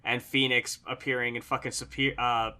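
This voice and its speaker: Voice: medium pitch, lively intonation, a little slow, over a noisy crowd. A co-host in a casual film review chat, enthusiastic and rambling, swearing casually. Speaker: co-host of a movie review show.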